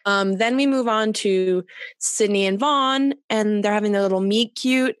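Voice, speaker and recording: Casting: woman co-host, mid pitch, chatty recapper, dry close sound. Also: moderate pace, no room sound. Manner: chatty, laughs often, self-correcting. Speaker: podcast co-host. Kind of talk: casual chat recapping episodes.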